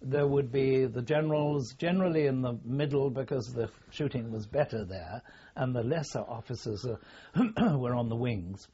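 Husky older Englishman, reminiscing. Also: mid-range voice, dark tone. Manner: halting, formal, with many pauses and fillers. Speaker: interviewee. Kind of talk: oral history reminiscence. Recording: dull lo-fi recording.

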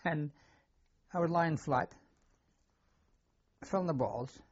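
A war veteran, an older man with a Scottish accent, speaks slowly in a voice on the high side with a slightly rough texture. It's an oral history interview where he shares memories plainly and tends to repeat himself. The audio sounds muffled.

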